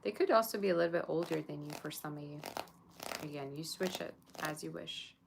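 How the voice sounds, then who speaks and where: Woman tarot reader on a livestream, low gravelly voice, chatty with the chat. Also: brisk, background noise. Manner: chatty, talks to viewers and chat. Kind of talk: live tarot reading stream.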